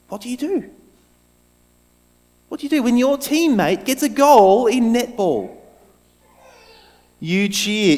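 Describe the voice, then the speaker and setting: An Australian man giving a playful children's talk at a live church service, quizzing the kids with questions. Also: sits high. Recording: reverberant church hall.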